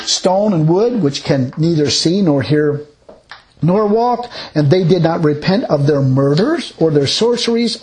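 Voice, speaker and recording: A man's voice: high-pitched, a little mellow, rough recording. Rambling man teaching the Bible. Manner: rambling, restarts often, reads scripture aloud.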